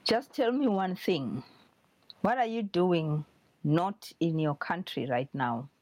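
A woman's voice: on the low side, expressive, takes it slowly, darkish tone, no room sound. A woman reading aloud as a fierce young girl who scolds her friend for leaving home. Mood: accusing.

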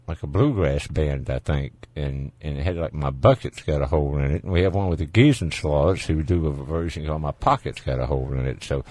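Southern male radio host, very low voice, folksy and easygoing, dry close mic. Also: brisk, hardly any pauses, darkish tone, no room sound. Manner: folksy, laid-back, chuckling. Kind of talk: casual call-in radio chat.

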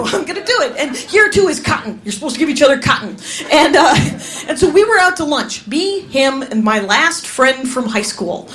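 A woman's voice: high-pitched, fairly bright tone. A woman from Wisconsin in her forties performing a stand-up set, telling stories with lots of laughter and acted-out quotes. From Wisconsin, USA. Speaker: stand-up comedian. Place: comedy venue in front of an audience. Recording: live club with crowd noise. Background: audience laughter.

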